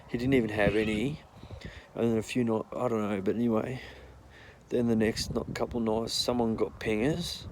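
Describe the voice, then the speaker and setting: A man's voice: on the low side, steady tone, brisk, background noise. A young man with an Australian accent telling rambling, crude stories in casual talk and swearing freely. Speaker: storyteller. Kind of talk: casual storytelling.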